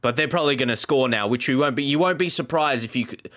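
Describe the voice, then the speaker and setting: A man's voice: medium pitch, fast talker, fairly bright tone. A man giving let's play commentary as a gaming YouTuber, often exasperated and talking back at the game.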